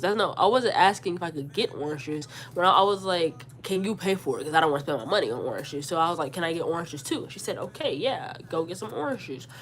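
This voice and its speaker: A woman in her forties tells a storytime vlog with a congested, stuffed-up voice. Her voice sits a little low. She retells an argument animatedly, quoting herself and her mother, and repeats words as she talks. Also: slight background noise. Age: 40s. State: stuffed up, sick. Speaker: vlogger.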